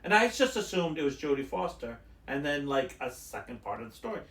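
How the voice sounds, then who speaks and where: A man co-hosting a podcast, with an expressive voice on the high side, talks a little fast in a reverberant space. He rambles through stories in casual chat, acting out the lines of the people in them.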